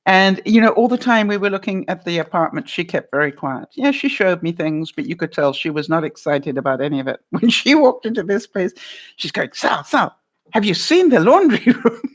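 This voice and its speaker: A woman's voice: fairly low pitch, animated, fairly quick. An older woman vlogger chatting casually with viewers on a live stream from her home, laughing often and calling people by name. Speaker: vlogger answering live chat.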